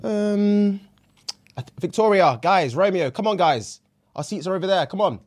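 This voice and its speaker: A man doing an impression of a soft-spoken famous male footballer, apologizing politely while leading his family to their seats. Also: sits high, lively intonation, moderate pace. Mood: apologetic.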